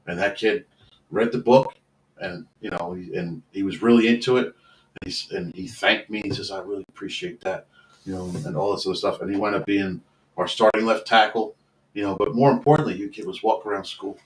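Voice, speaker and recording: Candid low-voiced coach, roomy distant sound. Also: male voice, fairly even intonation, brisk. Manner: candid, rambling, earnest, swears casually. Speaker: youth football coach. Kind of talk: casual storytelling in a podcast interview.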